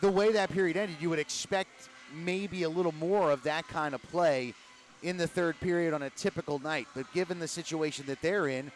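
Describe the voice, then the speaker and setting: Measured man calling hockey from the booth. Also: a little high, fairly even intonation, slight background noise, rough recording. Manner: measured, explanatory recapping. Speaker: play-by-play announcer. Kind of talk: hockey broadcast commentary. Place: arena broadcast booth.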